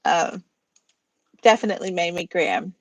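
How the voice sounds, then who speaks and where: A woman's voice: lowish voice, a little slow, no room sound. A woman hosting a poetry reading, chatting casually about a poem in a chatty way with giggly asides. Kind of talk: casual chat about poems.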